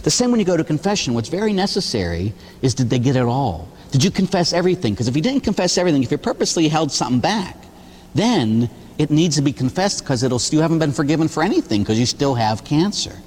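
A man, a Catholic priest, preaching a sermon in a conversational, animated way, with rhetorical questions and a touch of humor. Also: on the high side, fast, long reverb tail.

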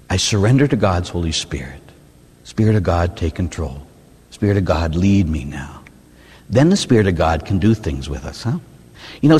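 Male Catholic priest, lively homily delivery, husky, church reverb. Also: mid-range voice. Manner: animated storytelling, rhetorical questions with "huh?". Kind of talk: sermon.

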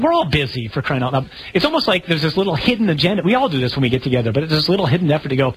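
A man, a priest, teaching a live audience in a relaxed, humorous way, asking questions and telling stories. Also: a little high, rapid-fire, few pauses, husky, poor audio. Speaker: Catholic priest.

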